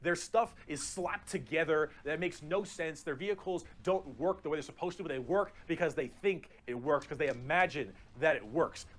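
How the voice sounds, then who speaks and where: This is a man with a somewhat high voice, explaining something in a casual, goofy way. He gets carried away with enthusiasm and swears without thinking about it. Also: moderate pace, hardly any pauses. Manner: excitable, swears freely, jokey. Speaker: explainer of a video being reacted to. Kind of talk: casual lore explainer commentary.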